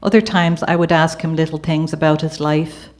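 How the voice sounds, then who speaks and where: At a gallery event, a woman from Ireland tells her life story to the audience, partly reading from a memoir and partly speaking off the cuff. In a low, steady voice at normal speed, she slides easily from read prose into warm conversational asides, laughing now and then.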